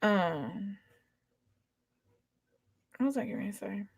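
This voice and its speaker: A woman's voice: mid-range voice, expressive, takes it slowly, gravelly, breathy edge, no echo. A young adult woman rambling in casual chat, drawling and emphatic as a co-host.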